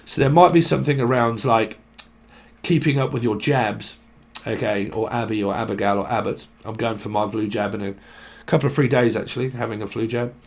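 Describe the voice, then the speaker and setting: A man's voice: mid-range voice, steady tone, a little fast. A man giving a rambling, casual tarot reading, swearing and jumping between word associations. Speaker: tarot reader.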